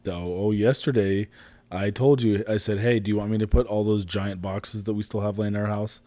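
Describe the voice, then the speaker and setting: A man's voice: on the low side, fairly even intonation, a little fast, dark tone. A man co-hosting a podcast with his wife, casually defending himself and laughing between points. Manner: defensive, laughing, reasoning things out. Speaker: podcast co-host, husband. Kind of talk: casual couple banter.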